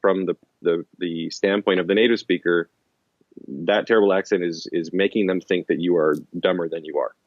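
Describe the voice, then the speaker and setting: A man's voice: sits low, steady tone, moderate pace, dry recording, highs cut off. A man as an interview guest, explaining in casual rambling talk full of restarts and fillers. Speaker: interview guest, language-learning author.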